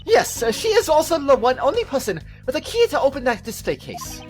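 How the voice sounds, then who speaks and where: A woman's voice: huge pitch swings, a little fast, faint music behind. A woman voicing a scolding rival investigator while reading game dialogue aloud, theatrical and accusing. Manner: theatrical, scolding, leaps high in pitch.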